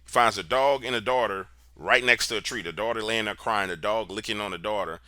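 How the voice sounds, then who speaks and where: A man's voice: fairly low pitch, a little fast, sharp tone, no room sound, clean studio sound. A man being interviewed, telling a story in a casual, slangy, emphatic way. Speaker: interview guest, paranormal researcher.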